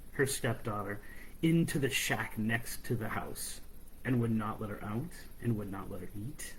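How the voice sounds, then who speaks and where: A man's voice: mid-range voice, fairly bright tone, husky, low-quality recording. A man hosting a podcast, retelling a fairy tale in a chatty, conversational way. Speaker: podcast host, storyteller. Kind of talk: casual storytelling.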